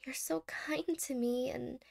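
A woman's voice: high-pitched, fairly even intonation, takes it slowly, vocal fry, full character voice. A woman playing a clingy, stammering girlfriend, whispered role-play. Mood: anxious, teary. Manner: soft-spoken, stammering, apologetic. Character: clingy anxious young woman, a doting girlfriend. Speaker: ASMR role-play creator.

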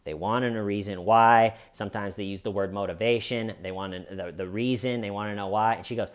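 A man breaking down an interrogation in a loose, chatty way. He is animated and wry, with dry dark humor, and often slips into quoting the people he talks about. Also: on the low side, brisk, hardly any pauses. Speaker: true crime commentator. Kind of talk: casual video commentary.

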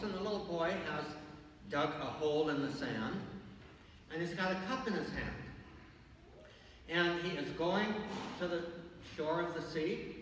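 An older man, a priest, giving a conversational, gently humorous sermon that takes the form of a story. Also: a little high, a little hiss or hum. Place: large church. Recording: echoey church from far off.

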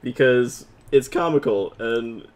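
A man's voice: mid-range voice, takes it slowly, crowd noise. Goofy young man hosting a let's play. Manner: goofy, laughing often, rambling restarts. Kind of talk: casual gaming chat, reading game text aloud.

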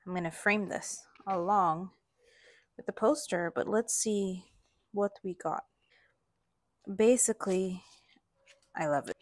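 Young woman vlogger, excitable and gushing, slow unhurried delivery, dry close mic. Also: mid-range voice, no room sound. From Latin America. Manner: gushing, squeals with delight. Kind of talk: excited unboxing vlog. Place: in the Philippines.

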